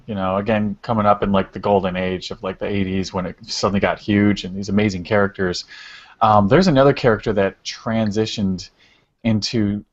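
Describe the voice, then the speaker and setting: A man hosting a casual podcast, talking hesitantly with many fillers. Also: lowish voice. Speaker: podcast host. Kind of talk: casual chat. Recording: dull lo-fi podcast audio.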